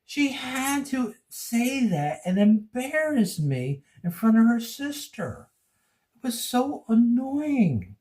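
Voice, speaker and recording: A man's voice: very high voice, mellow. Rambling man venting on a phone vlog. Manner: rambling and repetitive, venting about relationships. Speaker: vlogger. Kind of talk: emotional personal vlog.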